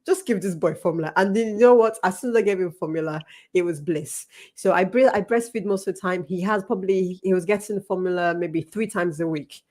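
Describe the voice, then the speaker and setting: A woman's voice: lowish voice, brisk, few pauses, darkish tone. A woman in her thirties, a health professional, talking candidly in a live panel discussion and laughing often.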